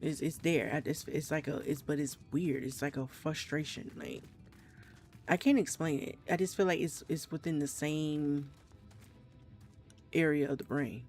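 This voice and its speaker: At home in South Florida, a streamer chats casually through a live gameplay session with soft music in the background. His voice is medium-pitched and darkish at a moderate pace, with a slight Trinidadian accent, and he rambles frankly, swears freely, and restarts often.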